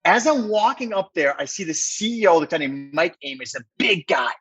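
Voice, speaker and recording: A man, a podcast guest, telling a story with excitement in a rambling, conversational way, full of fillers. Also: sits high, brisk, husky, muffled recording, soft background music. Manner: excited, rambling, heavy use of "like".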